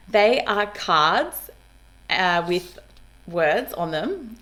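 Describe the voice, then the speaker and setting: A woman, a speech pathologist explaining to parents on camera, upbeat and animated, modelling speech sounds as she goes. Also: mid-range voice.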